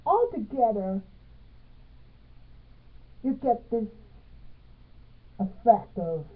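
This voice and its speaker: A woman teaching a music theory lesson, speaking in halting phrases and counting beats aloud with stress on the accented ones. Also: mid-range voice, expressive. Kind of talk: piano music theory tutorial. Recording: tinny phone-like sound.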